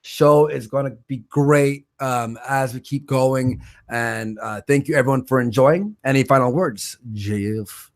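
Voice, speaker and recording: A stream host with a mid-range, slightly slow voice casually reads out viewer donations on a live stream. He jokes around and trips over the names.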